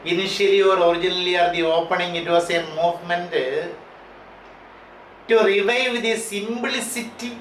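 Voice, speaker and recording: Male teacher, Indian English accent, slightly high voice, repetitive lecture, echoey room. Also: a bit bright. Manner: repeats and spells out key terms, frequent uh and you know. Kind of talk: slow, repetitive classroom lecture. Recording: echoey room with faint noise.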